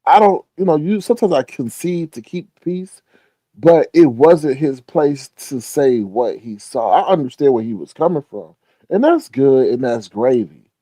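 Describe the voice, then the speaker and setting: A man hosting a casual live stream, talking straight to his viewers and breaking into excited exclamations. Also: mid-range voice, measured pace, no room sound, poor audio. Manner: animated, exclaims often, talks to viewers directly.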